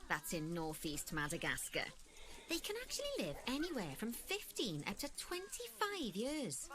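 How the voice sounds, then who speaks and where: A chirpy zoo tour guide. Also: female voice, mid-range voice, huge pitch swings, moderate pace. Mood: cheery. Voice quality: bright, jokey, sing-song. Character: chirpy, jokey woman zoo guide, adult. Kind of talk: scripted game tutorial voice. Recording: faint game music behind.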